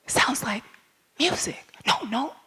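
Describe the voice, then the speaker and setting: A big, curious bear leans in to listen, speaking softly and half in a whisper, as a woman storyteller acts him out. His lines come hushed and full of wonder in a told animal tale. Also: mid-range voice, very animated, measured pace, husky, heavily acted.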